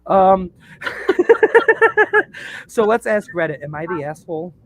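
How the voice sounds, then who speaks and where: A man's voice: sits high, fairly quick, slight background noise. A man on a podcast telling crude, joking stories in casual chat, laughing at his own jokes. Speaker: podcast co-host.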